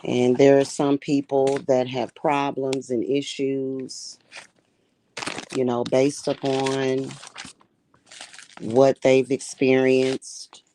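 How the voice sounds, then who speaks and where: A woman who is a high priestess and spiritual reader, talking in a casual livestream monologue in a deliberate, emphatic and blunt manner. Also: monotone, warm tone, slight background noise, rough recording. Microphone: streaming setup.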